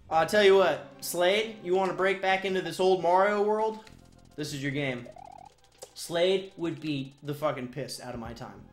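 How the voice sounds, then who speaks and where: A woman streaming a speedrun, talking in a joking, excitable way that swings to shouting, in an echoey room. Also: on the low side, normal speed, soft background music. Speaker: video game streamer. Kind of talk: live-stream commentary while speedrunning.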